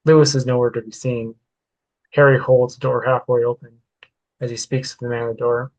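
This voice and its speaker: A man's voice: medium pitch, little pitch movement, fairly quick, rough recording. A man reading his own work-in-progress story aloud in first person, plainly, with occasional stumbles and self-corrections.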